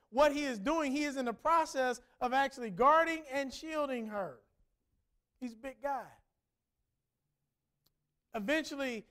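High-pitched earnest storytelling preacher. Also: fairly bright tone. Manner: earnest, conversational retelling with repeated words. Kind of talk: livestreamed sermon-style storytelling.

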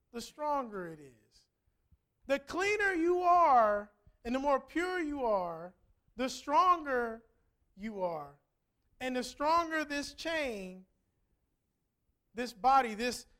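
A man's voice: very high-pitched, fairly bright tone. A middle-aged man preaching a sermon, telling a family story in a conversational way that builds to emphatic points. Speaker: pastor.

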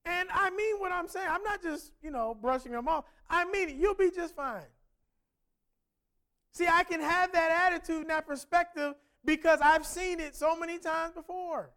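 A man with a very high voice preaching a conversational sermon. He poses question after question to the congregation and speaks in a relaxed, everyday way. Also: normal speed. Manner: conversational, asks many rhetorical questions.

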